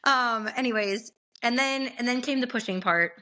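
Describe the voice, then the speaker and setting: A young woman with a bright, ringing voice chats through a story on a podcast. She talks in an animated way and laughs often. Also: on the high side, moderate pace.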